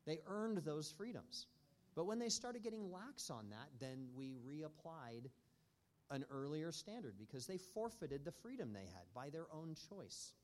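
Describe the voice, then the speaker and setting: A man teaching a church parenting class in an earnest, measured way with frequent pauses. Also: fairly high pitch, sing-song.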